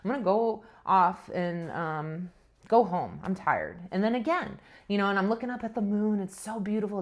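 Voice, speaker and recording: Spiritual vlogger lady, chatty and giggly, casual storytelling. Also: medium pitch. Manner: chatty, laughing, self-mocking.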